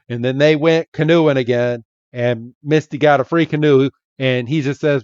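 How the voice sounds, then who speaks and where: A man's voice: medium pitch, steady tone, moderate pace, few pauses, clear, resonant tone, no room sound, highs cut off. A man co-hosting a podcast, casually recapping a cartoon episode and acting out the characters' lines in goofy voices with frequent laughter. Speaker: podcast co-host.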